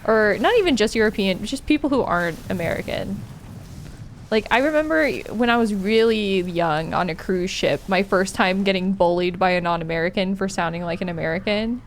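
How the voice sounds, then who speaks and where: A woman's voice: medium pitch, a little fast, slight background noise. A woman with a Californian Valley Girl accent, chatting casually as a streamer, dropping "like" constantly and laughing often. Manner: fills speech with "like" and "oh my God", laughs often. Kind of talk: casual chat while gaming.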